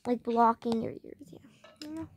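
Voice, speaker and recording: High-voiced woman in game role-play chat. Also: unhurried, slightly rough. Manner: chatty, playful, serving guests in a pretend restaurant. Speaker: game channel host.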